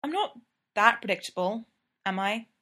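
A woman's voice: mid-range voice, lively intonation, moderate pace, bright, forceful tone. A woman doing a drowsy, sulky young student. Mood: sleepy. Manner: drowsy and grumbling.

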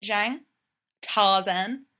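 A woman's voice: medium pitch, very slow, bright, forceful tone. A woman reading a story aloud, voicing a bold, possessive young woman who teases with a sly, smirking manner. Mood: teasing. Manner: teasing and sly.

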